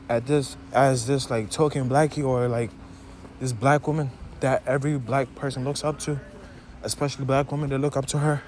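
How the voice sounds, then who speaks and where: There's slight background noise as this young African vlogger, voice mid-range and darkish, rambles opinionatedly to the camera. He addresses viewers directly, repeats and restarts phrases, and speaks with an accent mixing African and American.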